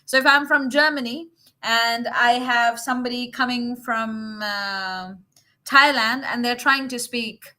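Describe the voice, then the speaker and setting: Bright, encouraging woman teaching live. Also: on the high side. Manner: encouraging, coaching directly; chatty, with fillers and self-corrections. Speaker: English teacher, livestream host. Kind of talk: casual livestream lesson.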